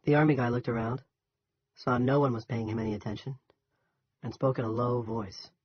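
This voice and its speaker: Husky-voiced male audiobook narrator. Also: medium pitch, dry recording. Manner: even, measured storytelling. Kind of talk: scripted narration. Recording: dull lo-fi recording.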